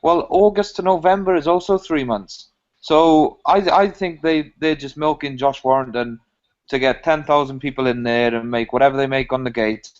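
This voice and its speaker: A man reasoning through the topic in a measured, analytical way with frequent ums. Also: mid-range voice, fairly even intonation. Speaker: podcast co-host. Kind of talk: casual chat. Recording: dull lo-fi podcast audio.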